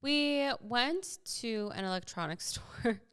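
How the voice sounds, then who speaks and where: A woman's voice: a little high, lively intonation, a bit bright, clean tone. A young woman co-hosting a podcast, telling stories in a teasing, laughing way. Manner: teasing, storytelling, quick to laugh. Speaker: podcast co-host. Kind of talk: casual chat.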